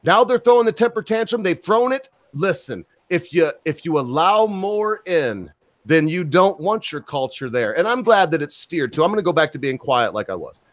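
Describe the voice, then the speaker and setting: Rambling man with a higher voice. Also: big pitch swings, normal speed, no room sound. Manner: rambling, profane, loses his train of thought. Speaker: podcast host. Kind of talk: casual opinionated chat.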